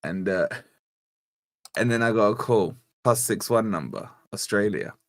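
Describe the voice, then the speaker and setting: A man's voice: on the low side, a little slow. A young man hosting a casual football fan chat, telling rambling stories and swearing freely. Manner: animated, rambling storyteller who swears. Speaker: host of a football fan channel.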